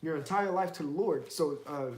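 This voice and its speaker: A man's voice: a little high, moderate pace, darkish tone, roomy sound, a little hiss or hum. A man teaching the Bible in a casual, streetwise way, firing off emphatic rhetorical questions.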